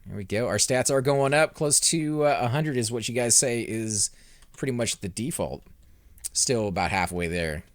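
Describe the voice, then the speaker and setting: A young man hosting a let's play, commentating his fights and chatting with viewers, growing loud and excited during combat. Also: mid-range voice, moderate pace, no room sound. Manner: excitable, reacts loudly to in-game fights, talks to chat. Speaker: gaming channel host.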